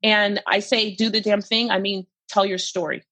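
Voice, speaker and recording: A woman hosts a podcast with a gushing, emphatic delivery, circling back over the same phrases. Her pitch sits in the middle range, and the recording is dry and close. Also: little pitch movement, moderate pace, bright, forceful tone, no room sound. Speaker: podcast host. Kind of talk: casual podcast chat.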